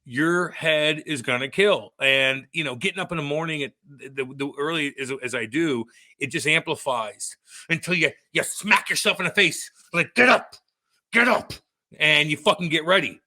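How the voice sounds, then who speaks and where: A man's voice: fairly high pitch, moderate pace, pushed and bright. A man co-hosting a podcast, ranting and swearing in a worked-up casual chat. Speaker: podcast co-host.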